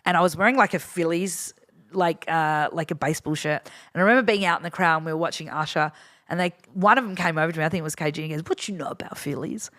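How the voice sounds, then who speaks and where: A woman's voice: low voice, quick pace, fairly bright tone, no room sound, clean studio sound. Frank, swearing woman in her fifties. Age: 50s. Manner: frank, swears freely, acts out quoted voices. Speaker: DJ guest. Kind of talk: casual interview chat.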